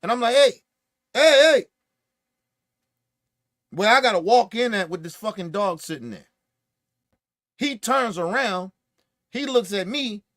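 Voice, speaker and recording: A man hosting a podcast, telling stories in casual, profane, animated commentary and acting out what others said. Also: high-pitched, normal speed, pauses often, no room sound, clean studio sound. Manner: profane, animated storytelling with acted-out quotes. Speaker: podcast host.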